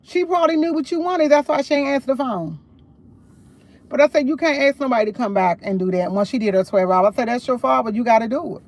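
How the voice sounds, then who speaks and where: High-voiced woman telling a story live. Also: fast talker. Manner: animated, emphatic retelling of a conversation. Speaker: livestream host. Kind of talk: casual storytelling livestream.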